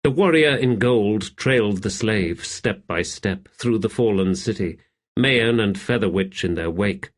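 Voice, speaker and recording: A man narrating an epic fantasy audiobook in a measured, steady way. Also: fairly low pitch.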